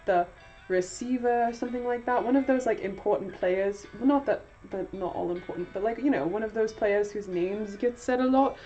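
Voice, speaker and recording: A woman's voice: mid-range voice, normal speed, mellow. A young woman chatting casually to her stream while she draws, rambling with lots of fillers and giggles. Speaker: art streamer. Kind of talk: casual chat while drawing. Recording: dull lo-fi stream audio with faint music.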